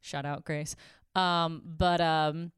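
A woman's voice: sits low, fairly even intonation, slow, clear, resonant tone, no echo, studio quality. A woman in her thirties chatting casually as a podcast co-host, telling blunt, candid stories. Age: 30s. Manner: candid storytelling, blunt, heavy on "like". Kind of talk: casual chat.

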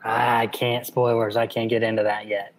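Relaxed man reading a book aloud. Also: fairly low pitch, moderate pace, low-quality recording. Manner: relaxed, laughing, explains as he reads. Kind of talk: casual chat and reading aloud.

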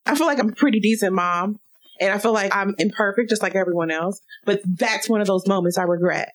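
A woman co-hosting a podcast, talking in an animated, outspoken way and laughing often. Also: medium pitch, brisk, low-quality recording. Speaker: podcast co-host. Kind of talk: casual podcast chat.

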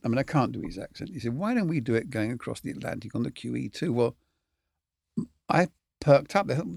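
A man's voice: mid-range voice, lively intonation, fairly quick, vocal fry, a little mellow, no echo, studio quality. An older man, a film cameraman telling rambling, candid stories as a guest. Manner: rambling, candid, swears casually, chuckles. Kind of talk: anecdotal storytelling.

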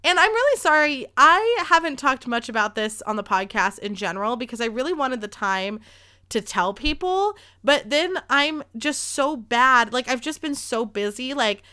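A woman's voice: high voice, lively intonation, moderate pace, pushed and bright, clean tone, no room sound, studio quality. A woman in her thirties hosting a podcast, telling a rambling casual story with lots of "like" and free swearing. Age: 30s. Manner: chatty, rambling, swears freely, heavy use of "like". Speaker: podcast host.

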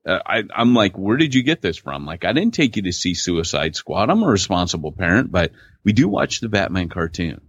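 A lively man with a lowish voice that swings up and down as he tells stories. He co-hosts a podcast in casual chat and leans on laid-back slang. The audio is dull and lo-fi, very dry. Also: brisk, breathy edge. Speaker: podcast co-host.

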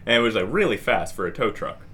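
A man's voice: fairly low pitch, big pitch swings, fast, bright, forceful tone, husky. A man co-hosting a podcast, telling a long story casually with lots of "like" fillers. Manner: rambling, heavy use of "like". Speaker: podcast co-host.

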